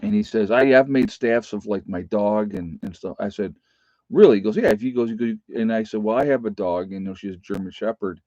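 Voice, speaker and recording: Man, middle-aged, low pitch, rambling folksy chat, dry, muffled lo-fi sound. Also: fairly quick, mellow, dry recording. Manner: rambling, folksy, many fillers. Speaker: livestream host. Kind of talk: casual live-stream chat. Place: rural home. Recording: dull lo-fi stream audio.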